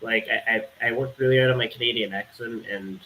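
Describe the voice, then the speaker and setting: A man chatting casually on a panel, agreeing often and filling pauses with "like" and "um". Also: mid-range voice, fairly even intonation, sharp tone, a little hiss or hum, low-quality recording. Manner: filler-heavy, agreeable. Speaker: panel participant. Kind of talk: casual online panel chat.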